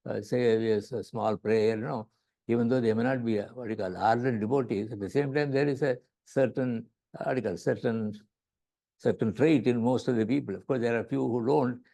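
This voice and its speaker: A man's voice: mid-range voice, steady tone, fairly quick, vocal fry, warm tone. A man with an Indian accent giving a lecture on scripture as a yoga teacher, often repeating words and checking in with "right?".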